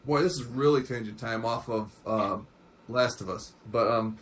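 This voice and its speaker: A man's voice: medium pitch, moderate pace, a crowd in the background. A man co-hosting a casual pop-culture discussion, joking as he talks. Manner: animated, jokey. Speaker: podcast co-host.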